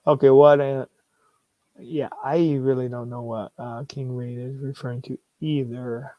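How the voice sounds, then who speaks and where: A man's voice: mid-range voice, little pitch movement, unhurried, dry recording. A man hosting a casual sports livestream, reading viewer comments aloud, laughing often and restarting his phrases. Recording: dull lo-fi sound.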